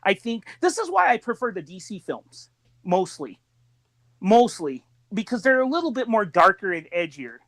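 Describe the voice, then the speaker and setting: A man's voice: high voice, big pitch swings, brisk, hardly any pauses, bright, forceful tone, no room sound. A young man co-hosting a podcast, chatting casually with upbeat, jokey banter. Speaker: podcast co-host. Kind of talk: casual chat.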